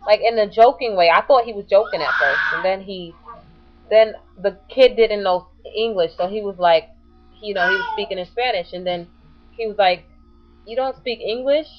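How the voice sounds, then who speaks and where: A woman's voice: mid-range voice, normal speed, lo-fi sound, slight background noise. A woman speaking her mind in a casual vlog, outspoken and passionate. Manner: outspoken and passionate, building to heated. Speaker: vlogger.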